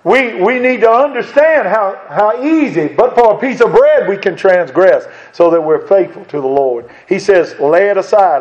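Preaching man, slightly high voice, lo-fi. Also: darkish tone. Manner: preachy, rhetorical questions to the congregation. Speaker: pastor. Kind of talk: sermon. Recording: dull lo-fi sound.

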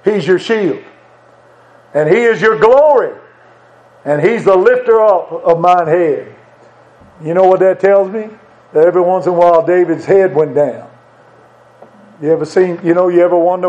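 A man's voice: high voice, moderate pace, pauses often, darkish tone, highs cut off. A man preaching a sermon in an earnest, conversational way, repeating short phrases for emphasis.

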